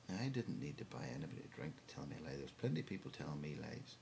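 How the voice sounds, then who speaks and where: A man with a Northern Irish accent telling a tall tale in a dry, lively way. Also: extremely low pitch, racing, vocal fry, few pauses, slight background noise. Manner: lively, dry storytelling with voices for characters. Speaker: storyteller.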